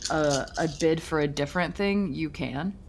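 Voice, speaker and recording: A woman's voice: deep voice, normal speed, a little hiss or hum. A woman narrating a tabletop game as game master in a hesitant way, full of fillers.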